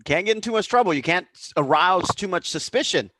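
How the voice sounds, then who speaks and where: A man's voice: high voice, lively intonation, brisk, bright, forceful tone, no echo. A man co-hosting a casual chat about a film, easygoing, with many fillers. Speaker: co-host.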